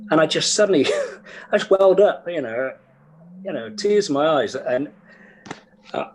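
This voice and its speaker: An actor in a casual interview, telling stories with a lively voice and stammered restarts. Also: male voice, on the high side, normal speed, a little hiss or hum, rough recording. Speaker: actor guest.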